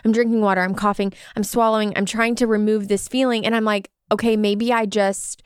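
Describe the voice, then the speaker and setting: A young adult woman co-hosting a faith podcast, telling a story in animated chat and acting out the scenes. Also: medium pitch, fast, clean tone, dry recording, clean studio sound. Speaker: podcast co-host. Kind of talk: casual chat.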